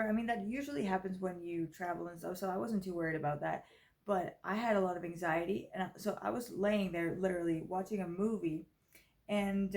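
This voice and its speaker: A woman's voice: mid-range voice, darkish tone. A young woman in her twenties telling a personal story in a casual vlog, rambling with lots of fillers and self-corrections, sounding tired. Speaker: vlogger. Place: grandmother's house.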